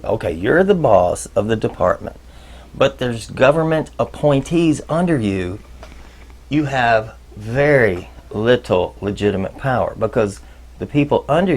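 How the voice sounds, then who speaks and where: A man with a gravelly, fry-edged voice gives casual workplace advice as the host of a leadership video. His pitch swings widely from loud, high bursts down to low muttered asides, and he keeps it chatty and joking throughout.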